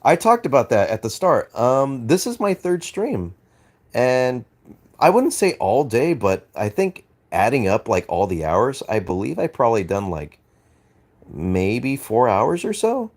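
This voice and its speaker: Unhurried and sing-song, his mid-range voice has a slightly mellow quality. The Australian streamer chats casually with viewers, reading and answering chat, rambling with fillers and restarts and laughing and swearing easily.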